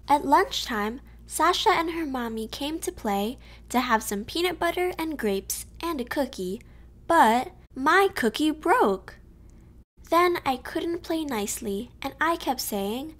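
A woman reading a children's picture book aloud, slow and expressive, telling it in a child's first-person voice. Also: high-pitched. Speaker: storyteller. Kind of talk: children's storybook read-aloud.

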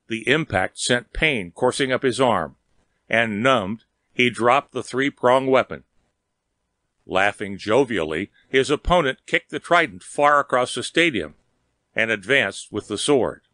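Steady male audiobook narrator, dry sound. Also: medium pitch, dry recording. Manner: steady, measured storytelling. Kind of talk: audiobook reading.

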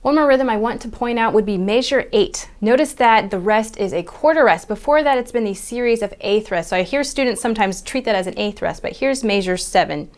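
A woman's voice: on the high side, lively intonation, a little fast, hardly any pauses. Patient woman piano teacher. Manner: patient, methodical explaining, counting beats aloud. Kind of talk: step-by-step music lesson.

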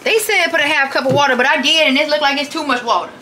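A young woman with a drawl chatting casually at home for her vlog, lively and teasing, often calling people baby. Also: high voice, quick pace, noisy background. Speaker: vlogger. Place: home kitchen.

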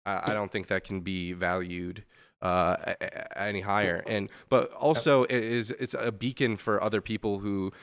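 A man's voice: fairly low pitch, fairly even intonation, normal speed, fairly bright tone, clean tone. A man hosting a gaming podcast, talking in a loose, rambling way with lots of fillers and restarts, and swearing casually. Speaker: podcast host.

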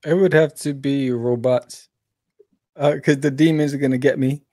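A man answering podcast questions as a guest, cheerful and quick to laugh. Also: mid-range voice, steady tone, warm tone, no echo, studio quality. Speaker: guest, comic creator. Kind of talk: casual podcast interview.

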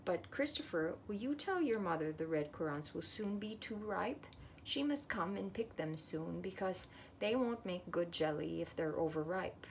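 A woman's voice: lowish voice, lively intonation, moderate pace, a little hiss or hum. Woman doing a fussy little berry girl, scolding, storybook voice. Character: fussy red currant girl, motherly.

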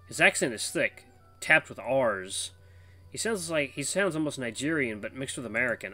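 A man's voice: medium pitch, expressive, normal speed, pushed and bright, soft background music. A man hosting a let's play, chatting casually with giggly, self-aware asides.

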